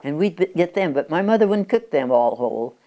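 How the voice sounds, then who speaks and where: Elderly woman in her nineties with a low voice, a rambling interviewee recalling the past. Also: lively intonation, fairly quick, mellow. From Oregon, USA. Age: 90s. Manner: chatty, with frequent restarts and stumbles. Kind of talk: rambling reminiscing. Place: at her country home.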